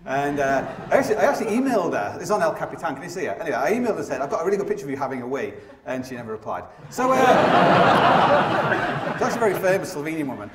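A man's voice: a little high, sing-song, rapid-fire, a loud crowd. A middle-aged man giving a comic live stage talk, rambling and self-mocking, full of fillers and restarts. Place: large theatre stage before a laughing audience. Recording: echoey live theatre sound from a distance.

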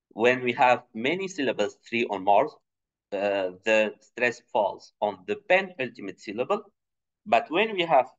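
A man giving an academic conference talk, explaining slides with many fillers and restarts. English is not his first language; he grew up speaking Tunisian Arabic. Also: a bit bright. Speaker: conference presenter. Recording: muffled low-fidelity recording.

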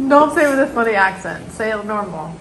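A woman's voice: fairly high pitch, big pitch swings, moderate pace, poor audio. A woman in her thirties vlogging with her family, chatting to the camera and encouraging her children, outdoors on a trail and then in a kitchen. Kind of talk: casual vlog narration and chat with kids. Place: outdoors on a jungle path, then a home kitchen. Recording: handheld vlog audio with noticeable background noise.

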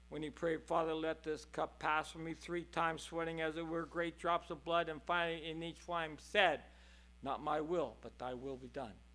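A man preaching a sermon in a church, impassioned, moving between hushed and loud passages. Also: a little high.

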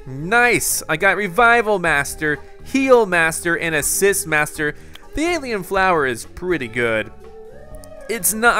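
Bright-voiced young man yelling over gameplay. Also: fairly high pitch. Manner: panicky, yelling in bursts, then calm and chatty. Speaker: gaming YouTuber. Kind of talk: excited gameplay commentary.

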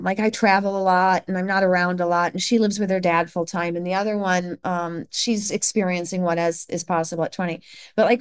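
A woman in her forties speaks as a podcast guest, telling her story earnestly and with emphasis. She slips into quoted dialogue to act out what others said. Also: medium pitch. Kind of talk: conversational storytelling.

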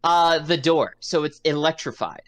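A woman's voice: low voice, moderate pace. A woman game master narrating a tabletop game in a rambling way, full of fillers and restarts.

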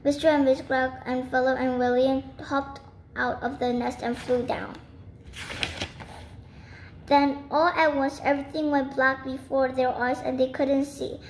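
High-voiced woman reading a story aloud. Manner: steady, careful reading with small slips. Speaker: reader. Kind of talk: reading a children's book aloud. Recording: roomy with faint noise.

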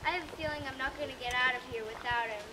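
A woman's voice: high voice, racing, noisy background, natural voice. A woman playing a blunt, exasperated young woman stranded in a fantasy land, in an improvised stage comedy scene. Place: theatre camp stage.

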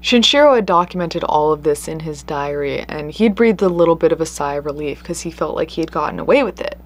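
A woman hosting a true crime show, telling a case in an earnest, conversational way with emphatic stresses. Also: lowish voice. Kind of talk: casual true crime storytelling.

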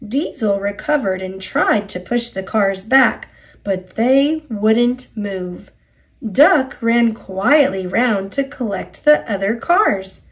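A woman reading a children's picture book aloud in an expressive storyteller's voice. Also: medium pitch, slow. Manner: expressive, lively character voices.

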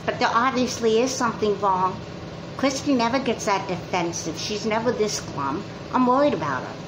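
A woman plays a pushy, persistent sister in a doll movie who keeps digging for answers. Her voice sits at an ordinary pitch with a faint hiss behind it. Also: animated, moderate pace, lightly acted. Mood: insistent. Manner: prying and insistent.

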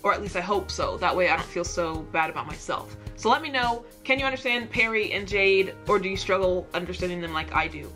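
A woman's voice: on the low side, a little fast, few pauses, sharp tone, faint music behind. A young woman from the United States hosting a reaction video, chatty and self-mocking, laughing easily. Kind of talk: casual reaction commentary.

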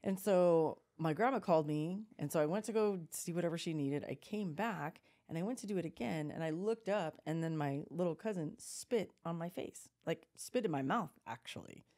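Speaking at a moderate pace with few pauses, a woman in her forties with a lowish voice recounts a childhood tale on the podcast she co-hosts. She's lively and relaxed, laughing frequently and imitating the people in the story.

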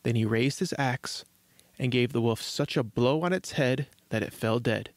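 A man reads a fairy tale aloud as host of a children's story show, measured and gentle. His voice sits at an ordinary pitch. The recording is close and dry. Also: dry recording. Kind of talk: scripted storybook narration.

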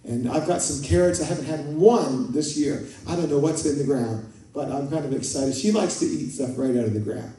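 A man's voice: a little high, a little fast, few pauses, mellow. A male pastor preaching a conversational sermon, telling stories and calling out to his congregation. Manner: conversational, storytelling, rising to fervent prayer. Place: church sanctuary. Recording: echoey church hall from far off.

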